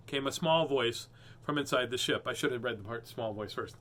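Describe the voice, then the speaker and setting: A man's voice: medium pitch, fairly quick, fairly bright tone. A man hosting a storybook reading, joking playfully between pages. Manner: playful, joking, with frequent laughs. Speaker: storyteller host. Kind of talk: reading picture books aloud.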